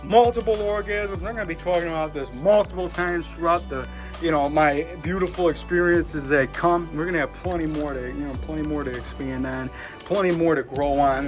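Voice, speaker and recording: A man with a fairly high voice gives a casual motivational talk from home. He rambles and loops back on his ideas, keeping things upbeat. His speech is thick with "you know" and "man". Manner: rambling and upbeat, many 'you know' and 'man'. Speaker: wellness vlogger. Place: at home, seated in a chair.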